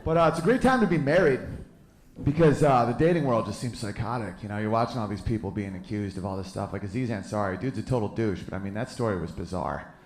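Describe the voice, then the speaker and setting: A man in his thirties doing a brash, profane stand-up comedy set live on a club stage. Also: fairly low pitch. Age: 30s. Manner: brash, loose and profane, with quick jokey asides. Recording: roomy live club recording with audience laughter.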